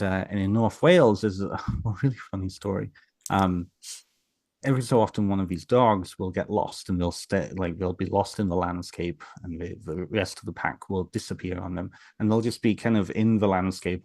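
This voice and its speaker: A man's voice: low-pitched, moderate pace, creaky, darkish tone, dry recording. A man, a podcast guest, casually telling folk tales in a rambling way with many fillers and restarts. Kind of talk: casual storytelling in an interview.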